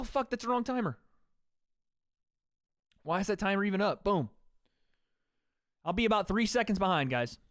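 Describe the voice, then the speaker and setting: A man's voice: high-pitched, fairly bright tone, clean tone, dry recording, clean studio sound. A man hosting a fight watch-party livestream, giving play-by-play commentary. He is chatty, swears freely and talks to his chat between calls. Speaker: livestream host.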